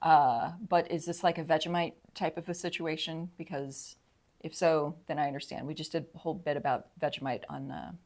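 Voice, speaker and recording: A woman's voice: low voice, fairly even intonation, fairly quick, darkish tone. Laughing woman co-hosting a live show. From Texas. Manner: laughing, reads viewer comments aloud. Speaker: podcast co-host. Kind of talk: casual live-stream chat.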